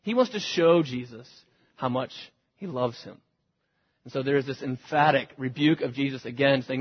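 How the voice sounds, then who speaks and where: Pastor preaching in an echoing hall. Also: male voice, mid-range voice, moderate pace, slightly rough. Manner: earnest, searching questions to listeners. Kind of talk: sermon. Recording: lo-fi, reverberant hall.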